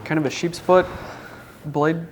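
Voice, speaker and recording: A man's voice: on the high side, steady tone, measured pace, low-quality recording. A man co-hosting a podcast, chatting casually and reacting briefly to his guest. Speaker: podcast co-host. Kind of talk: casual chat.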